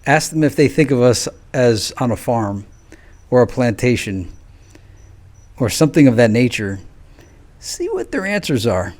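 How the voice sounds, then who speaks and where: A man giving a solo political commentary monologue, rambling and restarting sentences, full of rhetorical questions and drawn-out pauses. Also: medium pitch, big pitch swings, darkish tone. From United States. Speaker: video commentator.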